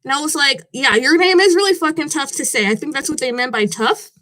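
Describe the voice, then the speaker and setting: High-voiced young woman chatting casually. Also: fairly quick, fairly bright tone. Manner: rambling, frequent swearing, skeptical. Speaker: vlogger. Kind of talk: casual chat.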